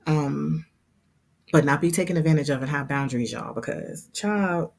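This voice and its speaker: Chatty woman with a low voice. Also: moderate pace, gravelly, darkish tone. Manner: chatty, laughs often, lots of fillers and restarts. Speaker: hair business owner and instructor. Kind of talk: casual livestream chat.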